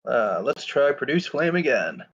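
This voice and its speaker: A man's voice: medium pitch, sing-song, unhurried. A man playing a tabletop game, thinking aloud hesitantly as he plans his moves. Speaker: player. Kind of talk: casual tabletop play. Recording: dull lo-fi mic.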